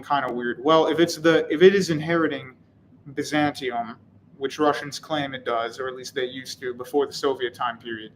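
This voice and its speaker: A man's voice: medium pitch, slight background noise, rough recording. A man hosting a live stream, reading chat comments and answering in a casual, wry, rambling way. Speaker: channel host.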